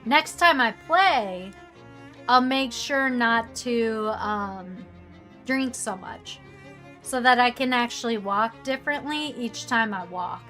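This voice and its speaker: A woman's voice: fairly high pitch, animated, slow pace, sharp tone, faint music behind. A woman streaming a game, chatting casually and reading narration aloud with dramatic swells.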